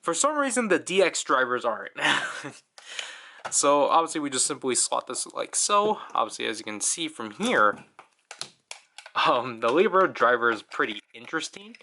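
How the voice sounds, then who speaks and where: A man's voice: medium pitch, very animated, moderate pace, pushed and bright. A young man giving a casual, chatty toy review, full of fillers and small laughs.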